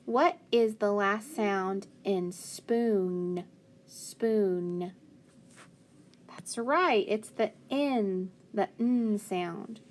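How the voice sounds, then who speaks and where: Speaking in a mid-range voice, a woman teaches children phonics, pronouncing letters and words with slow, clear care.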